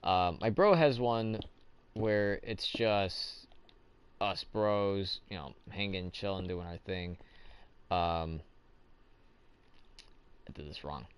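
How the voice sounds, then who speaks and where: A young man with a deep, clear, resonant voice hosts a casual let's play, speaking slowly and pausing often. He rambles and thinks aloud, asking himself questions as he plays.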